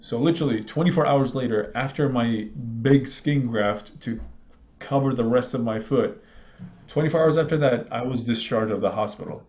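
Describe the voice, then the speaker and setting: A man in his thirties from Iraq, a guest calmly telling a personal story in a halting way, with many fillers, on a slightly muffled recording. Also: mid-range voice. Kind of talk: conversational storytelling. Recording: slightly dull, muffled audio.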